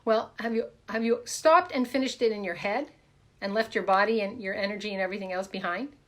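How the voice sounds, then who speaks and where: A woman hosting a live stream as a coach, talking casually and warmly greeting viewers by name with repeated welcomes. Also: mid-range voice, fairly quick. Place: home, in a room.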